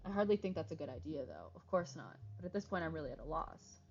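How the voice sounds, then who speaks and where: This woman streamer has a deep, slightly mellow voice with vocal fry, and she talks fast and very animatedly. She reads dialogue choices aloud, swears freely, and makes jokes, all in slightly dull lo-fi audio with faint music.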